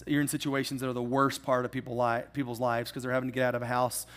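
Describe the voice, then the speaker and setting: A man preaching a sermon in a casual, animated storytelling way, with humorous asides. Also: medium pitch, quick pace. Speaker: pastor.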